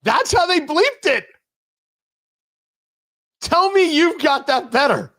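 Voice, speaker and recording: A man's voice: very high voice, very animated, takes it slowly, pauses often, sharp tone. A man hosting a political talk show from a studio, talking in an indignant, mocking and emphatic way. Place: radio studio.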